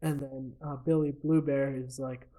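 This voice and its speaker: A man's voice: mid-range voice, little pitch movement, unhurried, dark tone. Rambling male podcast co-host. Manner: rambling, filler-heavy storytelling. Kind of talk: casual comedic movie recap.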